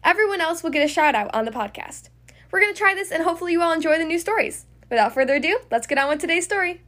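A woman hosting a podcast, reading a children's storybook aloud in a friendly, expressive way. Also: very high voice, very fast. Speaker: podcast host and storybook reader.

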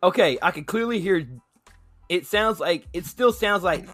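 A man's voice: high voice, expressive, normal speed, a bit bright, dry recording. A man co-hosting a casual music podcast, laughing constantly and mimicking sounds. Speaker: podcast co-host. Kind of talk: casual chat.

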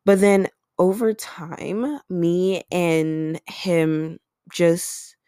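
Extremely slowly, in a dark, clean, lowish voice, a woman shares a confessional story on her podcast. She's chatty, often saying "like" and "um," and the studio-quality recording carries no room sound.

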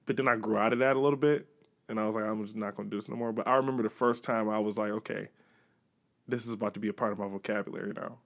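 A young man from Buffalo, co-hosting a podcast in casual chat, an animated storyteller who acts out quotes and swears freely. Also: on the low side, very fast. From Buffalo, New York. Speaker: podcast co-host.

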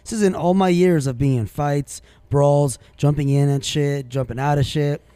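A man's voice: fairly high pitch, fairly even intonation, normal speed, mellow, clear, resonant tone, dry recording. A man co-hosting a podcast, telling stories bluntly and emphatically, swearing constantly in casual banter. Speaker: podcast co-host.

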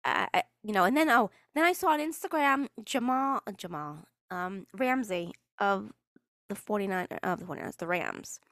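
Sarcastic, animated woman podcast host. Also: medium pitch, moderate pace, dry recording, clean studio sound. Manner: sarcastic, exasperated, swears freely. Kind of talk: solo podcast rant.

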